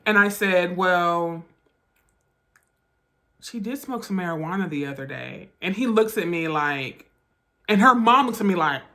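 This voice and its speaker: A woman vlogger telling a personal story, halting and emotional, with restarts and quick bursts that trail off softly. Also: on the low side, animated. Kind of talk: storytime vlog.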